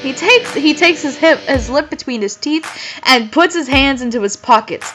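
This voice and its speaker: A woman's voice: high voice, expressive, moderate pace, rough recording. A woman reading fan fiction aloud for laughs, breaking off to mock it and laughing often. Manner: laughs often, mocking asides. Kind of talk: comedic reading with commentary. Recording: background guitar music.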